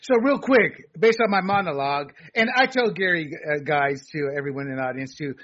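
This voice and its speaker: A man's voice: a little high, a little fast, a bit bright, dull audio. A middle-aged man hosting a political talk show, lecturing in an opinionated way with many fillers. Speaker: host.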